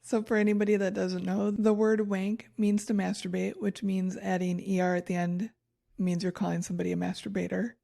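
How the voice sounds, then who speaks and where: A woman's voice: mid-range voice, flat delivery, fairly quick, vocal fry, dark tone. A woman co-hosting a podcast, reading her research notes in casual chat and laughing at her own stumbles. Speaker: podcast co-host.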